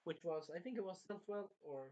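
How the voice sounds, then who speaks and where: A man's voice: high voice, brisk, mellow, muffled recording. A man casually chatting through an anime episode review, rambling and swearing now and then as he retells scenes.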